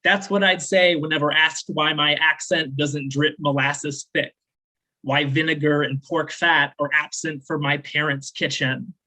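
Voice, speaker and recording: A man raised in the American South, performing spoken word poetry at a slam with measured, deliberate delivery and casual, rambling asides between poems. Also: on the high side, fairly even intonation, bright, forceful tone, low-quality recording. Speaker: slam poet.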